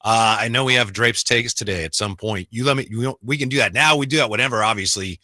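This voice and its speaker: A man's voice: fairly low pitch, fast, pushed and bright, no room sound, studio quality. A man co-hosting sports radio, easygoing as he cues up segments. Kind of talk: casual sports talk.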